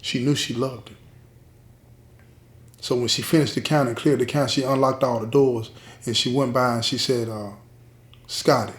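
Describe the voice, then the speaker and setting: A man telling a prison love story in a plain, street-style way, with drawn-out pauses. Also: medium pitch, steady tone. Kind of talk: spoken storytelling. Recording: roomy echo.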